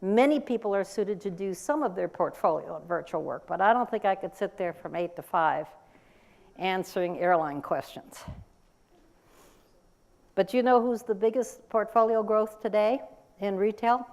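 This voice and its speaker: An older woman giving a lively, emphatic conference talk and quizzing the audience as she goes. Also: mid-range voice, moderate pace, gravelly. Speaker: workforce speaker.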